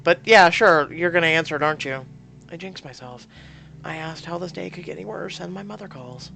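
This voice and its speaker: Gravelly reader, sarcastic asides, story game playthrough, faint music. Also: mid-range voice, fairly quick, pushed and bright. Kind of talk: reading a story game aloud with commentary.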